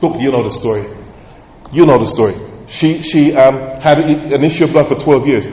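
A male pastor preaching a sermon with emphatic, sometimes loud outbursts. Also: mid-range voice, moderate pace, slight background noise. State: coughing, slightly hoarse. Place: large church hall. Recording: echoey hall, heard from far off.

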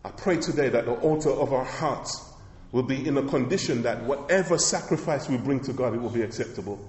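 A man's voice: medium pitch, fairly quick, a little mellow. Emphatic male preacher in an echoey hall. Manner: emphatic, repetitive, rhetorical questions. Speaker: pastor. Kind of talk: sermon.

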